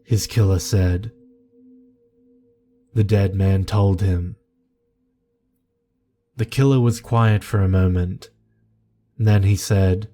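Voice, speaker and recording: Brief: low-voiced male horror narrator, very slow and measured, soft music under. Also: fairly even intonation. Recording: narration over faint music.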